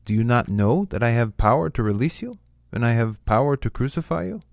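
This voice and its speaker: A man's voice: mid-range voice, animated, brisk, gravelly, a little mellow, no echo, clean studio sound. A man voicing an uneasy Roman governor. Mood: questioning.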